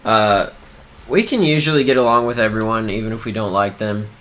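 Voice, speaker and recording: A man's voice: lowish voice, fairly quick, a bit bright. A young man co-hosting a podcast in casual chat, laid-back and easily amused. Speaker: podcast co-host.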